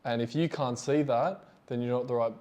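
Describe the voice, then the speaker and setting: Casting note: male podcast co-host, warm mellow tone, relaxed and thoughtful. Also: medium pitch, normal speed. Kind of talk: casual chat.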